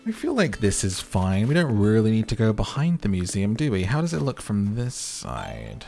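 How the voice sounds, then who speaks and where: A man's voice: lowish voice, wildly swooping pitch, normal speed, creaky, warm tone, faint music behind. A man hosting a cozy life-sim gaming video, chatting playfully over gameplay and reading characters' lines aloud in a jokey way.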